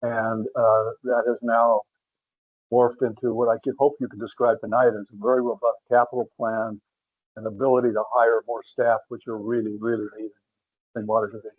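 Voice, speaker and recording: A man with a husky voice speaks haltingly at a public meeting, stopping to clear his throat. The sound is thin and phone-like, close and dry. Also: mid-range voice, flat delivery, dry recording.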